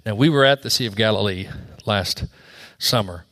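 A male pastor preaching a sermon to his congregation, rising to loud emphatic peaks and dropping to quiet, low asides. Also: normal speed. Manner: dynamic preaching, swinging from loud high peaks to soft low drops. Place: church.

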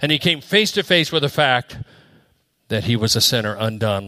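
A male pastor preaching a sermon to his congregation, rising to loud emphatic peaks and dropping to quiet, low asides. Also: animated, moderate pace. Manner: dynamic preaching, swinging from loud high peaks to soft low drops. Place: church.

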